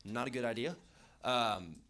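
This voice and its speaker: A man's voice: mid-range voice, measured pace, a bit bright. A young man preaching a casual youth sermon, chatty and loose, with jokey asides and lots of fillers. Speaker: youth pastor.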